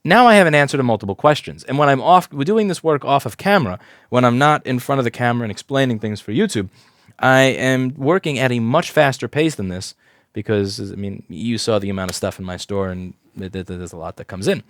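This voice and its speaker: A man's voice: medium pitch, animated, fairly quick, no echo, clean studio sound. A man working as a repair technician who gives a hands-on repair tutorial in a blunt, profane, explanatory way at a repair shop workbench.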